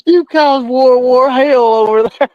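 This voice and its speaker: Brief: a high-voiced man who streams live, swears freely and keeps cracking up, on a muffled recording. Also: slow, no echo. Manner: laughing nonstop, profane. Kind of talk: casual live-stream chat. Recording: dull lo-fi dry sound.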